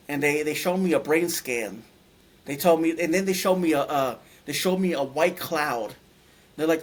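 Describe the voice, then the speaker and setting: Man telling his story in halting phrases. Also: on the high side. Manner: halting, searching for words. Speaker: guest recounting a near-death experience. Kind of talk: personal storytelling.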